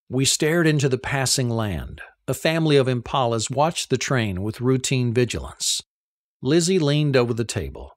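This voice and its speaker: A male audiobook narrator telling a first-person story in a mid-pitched voice. His pitch rises and falls expressively, and the close, dry recording has no room sound. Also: very animated, moderate pace, no room sound.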